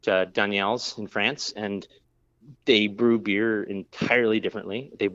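A man's voice: on the low side, steady tone, measured pace, a bit bright, dull audio. A man who works as a brewer, telling a long story in a casual interview, rambling with lots of fillers and restarts.

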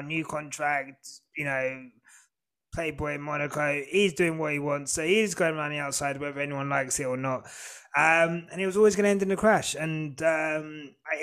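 A man co-hosting a casual podcast with a slightly raised pitch. He talks in animated bursts and laughs easily between thoughts. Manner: animated, laughs often, fast asides. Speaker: podcast co-host. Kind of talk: casual chat.

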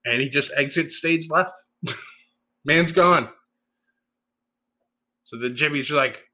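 Bright-voiced man casually recapping. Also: on the high side, slow pace, long pauses. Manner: chatty, animated retelling with frequent laughs and fillers. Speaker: show recap host.

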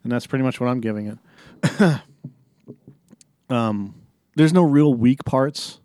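A man's voice: mid-range voice, slow pace, darkish tone, no echo, studio quality. A man hosting a podcast, reviewing a film in a rambling, hesitant, profane way. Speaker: podcast host.

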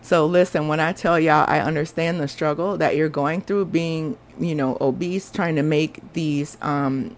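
A woman's voice: deep voice, steady tone, measured pace, few pauses. A woman, hosting a podcast and telling a personal story in an earnest, confessional, chatty way. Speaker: podcast host.

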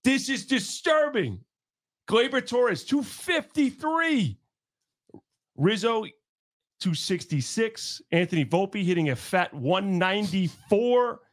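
A man co-hosts a sports talk podcast, ranting with sarcasm and animation. His voice sits high. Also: sing-song, takes it slowly.

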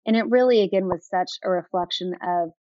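A woman with a medium-pitched voice, speaking a little fast, appears as an author guest in an interview. She tells enthusiastic anecdotes full of fillers. The recording is dull and lo-fi, with no room sound.

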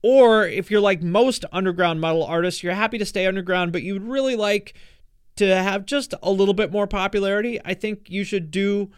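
Man, podcast host; candid and conversational, clear tone. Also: high voice, a little fast, no echo, clean studio sound. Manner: frank, conversational, swears casually. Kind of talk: casual podcast chat and listener advice.

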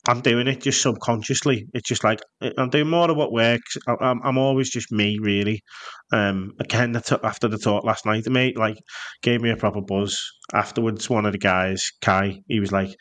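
A man's voice: on the low side, fairly even intonation, moderate pace, fairly bright tone, dry recording. A man with a Scouse accent, a guest in a casual interview, talking bluntly and jokily with some swearing. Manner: blunt, jokey, swears freely. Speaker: guest copywriter.

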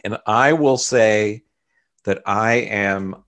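Guy with a lowish voice, easygoing movie podcast chat, dry jokes. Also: extremely slow, a bit bright. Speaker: podcast co-host. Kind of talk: casual movie review chat.

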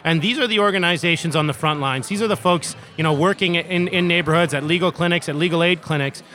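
A man's voice: a little high, quick pace, pushed and bright. A man, a tech company co-founder, giving eager interview answers with lots of fillers and restarts, recorded outdoors in a city.

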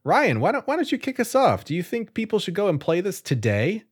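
A man's voice: high-pitched, huge pitch swings, a little fast, breathy edge. A man hosting a casual podcast chat, laid-back and jokey. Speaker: podcast host.

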